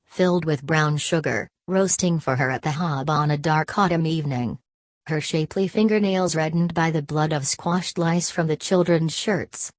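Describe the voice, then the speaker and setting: A woman reads a literary audiobook in a measured, steady way. Her voice is low, and the recording is close and dry with no room sound. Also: dry recording. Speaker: audiobook narrator. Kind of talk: scripted narration.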